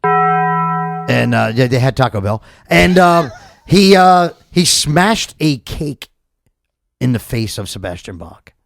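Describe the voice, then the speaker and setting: A man's voice: mid-range voice, big pitch swings, slow, gravelly, long pauses, a bit bright. A man hosting a casual radio show, rambling through music news with stammered restarts and frequent laughs.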